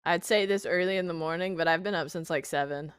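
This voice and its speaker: A woman's voice: on the low side, fast, smooth, no echo, clean studio sound. A young woman streamer chatting casually with her viewers while gaming, reading their messages aloud and swearing freely.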